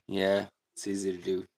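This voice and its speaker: A deep, slightly mellow male voice with vocal fry belongs to a livestream host. He chats casually with viewers, reads their comments, and laughs often in a laid-back way.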